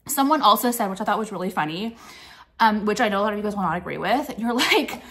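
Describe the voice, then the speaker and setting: A woman's voice: mid-range voice, quick pace, a bit bright. A young woman ranting to camera in a swearing, contemptuous tone, hammering points with repeated "okay?" and "like". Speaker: vlogger. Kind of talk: profane ranting monologue.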